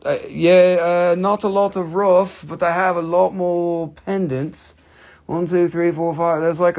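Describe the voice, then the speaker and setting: Gravelly, joking live-sale host. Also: male voice, on the high side. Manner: chatty, joking, reads out viewer comments. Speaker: host selling minerals on a live stream. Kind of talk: live sales stream chat.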